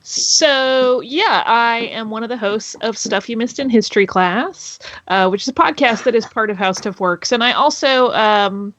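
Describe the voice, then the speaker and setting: A woman's voice: fairly high pitch, normal speed, few pauses, a bit bright. A woman in her forties, a podcast guest, chatting in a friendly way and thinking aloud with fillers. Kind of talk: casual interview chat. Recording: dull muffled call audio.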